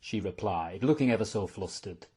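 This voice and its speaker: A man's voice: fairly low pitch, normal speed, husky. A man narrating an audiobook in a storytelling tone, shifting between voices for many characters. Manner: expressive, voicing many characters.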